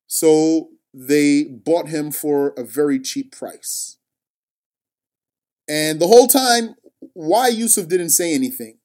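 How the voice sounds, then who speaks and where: A man telling a religious story, reciting scripture, then explaining it line by line in a slow, deliberate manner. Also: fairly high pitch, a little mellow.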